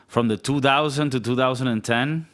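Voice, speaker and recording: A man's voice: medium pitch, normal speed, fairly bright tone. A man from Venezuela co-hosting a podcast, talking in a loose, rambling way. He laughs easily and swears casually, in a mid-range voice. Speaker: podcast co-host. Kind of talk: casual chat.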